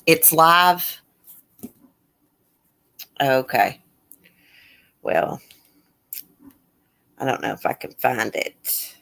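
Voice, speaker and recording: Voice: medium pitch, expressive, very slow, vocal fry, pauses often, pushed and bright. A live-stream host in casual commentary who reads a news article aloud, with blunt, indignant asides and remarks to viewers in the chat.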